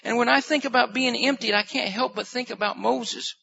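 High, gravelly male preacher, lo-fi. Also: fairly even intonation, fairly quick, pushed and bright. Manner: earnest, repeats phrases for emphasis. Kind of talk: sermon. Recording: muffled lo-fi recording.

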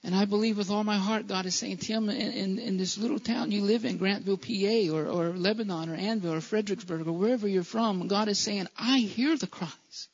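A man's voice: sits high, steady tone, a little fast, few pauses. A man preaching a sermon in a church, impassioned, often stumbling and restarting his phrases. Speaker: pastor. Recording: dull lo-fi church recording.

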